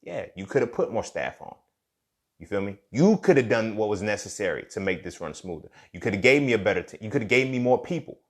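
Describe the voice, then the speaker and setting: A man's voice: fairly low pitch, big pitch swings, fast talker. A young man hosting a casual motivational monologue, swearing freely and telling a story while often asking if you follow him. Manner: profane, storytelling, keeps asking "you feel me". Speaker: podcast host.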